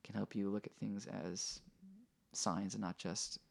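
A man's voice: on the low side, level tone, a little slow, gravelly. A man hosting a podcast, telling a personal story in an earnest, reflective way. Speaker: podcast host. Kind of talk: conversational storytelling.

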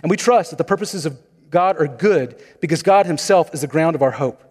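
A man's voice: a little high, a little fast, darkish tone, big-room sound. A man preaching a sermon as pastor, in a conversational style with storytelling asides.

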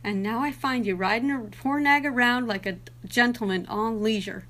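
A woman's voice: a little high, moderate pace, a bit bright, close to an everyday voice. A woman voicing an angry male butcher scolding a boy in a storybook reading.

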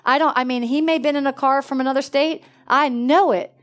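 A woman preaching in a lively storytelling way, jumping from excited bursts to hushed, quiet asides. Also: sits high, fairly quick. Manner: animated, swings between excited exclamations and hushed asides. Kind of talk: storytelling sermon.

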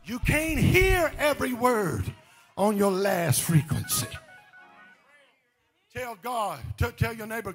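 Male pastor, husky raspy tone, lively swooping pitch, shouting, half-singing delivery, call-and-response. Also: slow pace, pauses often, faint music behind.

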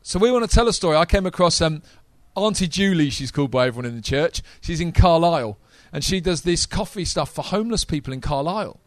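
Excitable preacher with a high voice. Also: male voice, quick pace, hardly any pauses, dry recording. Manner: energetic, talks to the audience. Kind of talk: sermon.

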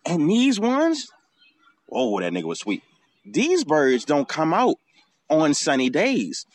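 A man's voice: medium pitch, wildly swooping pitch, unhurried. A man hosting a podcast outdoors, telling a casual, swearing story and acting out the bird calls. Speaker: podcast host.

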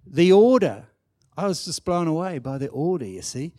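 A man preaching a sermon, emphatic and animated, acting out quoted lines. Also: a little high, moderate pace, dry recording, clean studio sound. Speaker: pastor.

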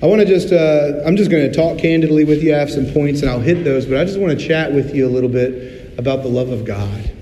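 A man preaching a sermon as pastor, talking candidly and conversationally, acting out quick little voices as he goes. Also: a little high, mellow, dull audio. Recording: roomy hall reverb, faint ambience.

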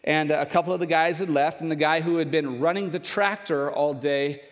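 A male pastor tells a story from the pulpit with an animated delivery and puts on loud, raised voices for other characters. His voice sits a little high for a man. A long hall reverb trails after his words. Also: normal speed. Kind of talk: sermon with personal story.

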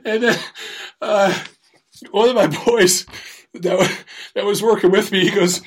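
A man's voice: high voice, unhurried, pauses often, husky. Profane, laughing man telling stories. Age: adult, former Marine. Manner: profane, animated, laughs through punchlines. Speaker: storyteller. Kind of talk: casual storytelling.

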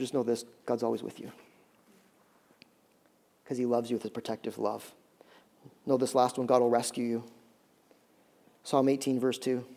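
A man preaching a sermon as pastor, swinging between loud emphatic pleas and soft, low passages.

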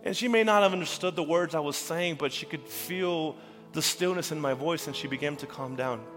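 A young pastor with a slightly high voice preaches to his congregation, earnest and heartfelt. He drops into hushed tenderness, then builds again to urgent calls. His voice rings in a church hall with long reverb, and soft music plays faintly underneath. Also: brisk. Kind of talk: sermon. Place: church sanctuary.

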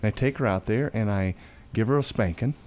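On a faith talk show, the host, a man with a fairly low voice, recounts a story about his family. He speaks casually and haltingly, often repeating words and dropping his volume when quoting himself.

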